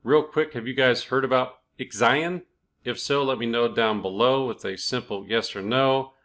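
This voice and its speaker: A man hosting his own cryptocurrency channel, explaining a coin project in a relaxed, conversational way, with fillers and small self-corrections. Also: medium pitch, normal speed. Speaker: crypto YouTube channel host. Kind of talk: casual explainer, reading from a project page.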